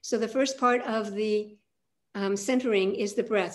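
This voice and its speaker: An older woman, an aikido teacher, guiding a calm centering practice on a video call with a soft, unhurried manner. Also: mid-range voice. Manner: calm, soft-spoken guidance with frequent pauses.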